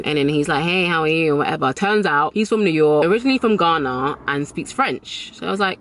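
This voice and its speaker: A woman's voice: deep voice, a little fast, hardly any pauses. A young woman giving dating advice in a casual vlog, emphatic and repeating key lines for effect. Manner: storytelling with animated retold dialogue.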